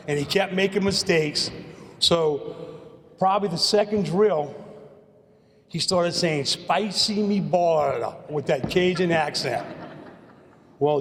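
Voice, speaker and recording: Late-50s man, slightly high voice, rambling podium speech, long hall reverb. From Louisiana, USA. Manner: rambling, repeats words, storyteller. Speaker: hall of fame inductee. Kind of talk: acceptance speech.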